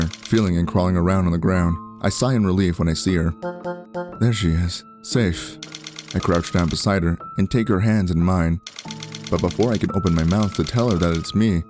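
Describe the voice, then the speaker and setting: Low-voiced guy reading a horror game story out loud, music under it. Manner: steady first-person narration. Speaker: game narrator. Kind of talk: reading a visual novel aloud. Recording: background music.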